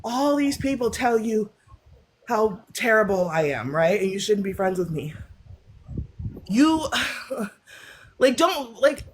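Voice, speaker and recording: A woman's voice: mid-range voice, very animated, slow pace, pauses often, a little hiss or hum. A woman with a stuffy cold, arguing insistently on a live panel and repeating herself to cut in. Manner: interrupting, insistent, repeats phrases. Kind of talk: heated live panel argument.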